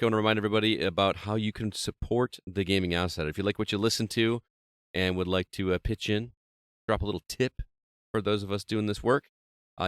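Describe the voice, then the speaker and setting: A man's voice: lowish voice, fairly bright tone, clean tone, no echo, studio quality. A man hosting a gaming podcast, chatty and self-deprecating, laughing often. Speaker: podcast host. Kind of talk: casual podcast chat.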